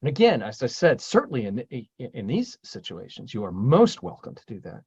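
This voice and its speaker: A man leading a spiritual group talk, emphatic and salty-tongued. His pitch leaps around with real animation as he pushes his point. The recording sounds dull and lo-fi. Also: huge pitch swings, brisk, husky. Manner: emphatic and profane, swings loud and high when stirred.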